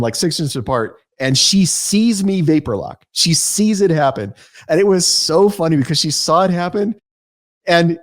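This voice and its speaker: A man co-hosting a podcast, chatting casually in a wry, self-deprecating way. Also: on the high side. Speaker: podcast co-host. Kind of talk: casual chat.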